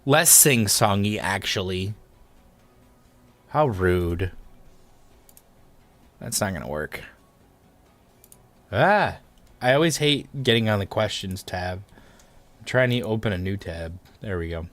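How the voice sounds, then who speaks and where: A man's voice: expressive, takes it slowly, long pauses, fairly bright tone. A young man chatting casually on a live stream, joking around and slipping into silly voices. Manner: joking, goofy, breaks into silly high voices.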